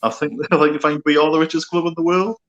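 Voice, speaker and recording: A man's voice: a little high, little pitch movement, fast talker, a bit bright, highs cut off. Jokey man chatting on a stream. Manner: jokey, laughs often, quotes others. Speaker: guest on live stream. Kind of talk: casual chat.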